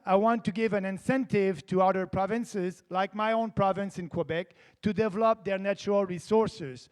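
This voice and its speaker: A man with a Québécois French accent gives an earnest debate opening, repeating his key phrases for emphasis. His voice sits fairly high, and a long reverb trails it around a large theatre. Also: normal speed, some chatter behind. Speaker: political candidate.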